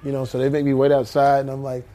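A man in his fifties, a comedian guest, telling animated stories and slipping into impressions. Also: mid-range voice, fast talker. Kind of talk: storytelling in a talk-show interview.

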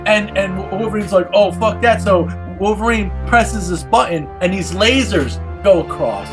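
High-voiced man rambling with music behind. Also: animated, normal speed. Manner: rambling and profane, heavy use of filler phrases and slang. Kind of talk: casual retelling of a comic book story.

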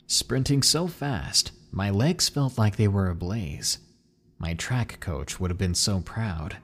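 A man with a low, husky voice reads horror stories aloud. His pitch swings widely as he builds tension. Faint music plays behind him. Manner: dramatic, slowing and dropping for suspense. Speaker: narrator. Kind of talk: scripted horror story narration.

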